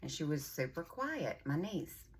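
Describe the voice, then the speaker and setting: A woman's voice: low-pitched, very animated, unhurried, background noise. An older woman, chatting casually in a vlog, rambling and folksy, with a bit of a runny nose. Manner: chatty, rambling storyteller with a warm folksy drawl. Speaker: vlogger.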